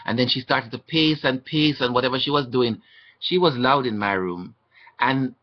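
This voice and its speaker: A man talking to his webcam, recounting his mistreatment as a hospital patient in an aggrieved, indignant manner. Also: normal speed. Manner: aggrieved, indignant, acting out quoted exchanges. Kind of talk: webcam testimony monologue. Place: indoors. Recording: dull low-fi webcam audio.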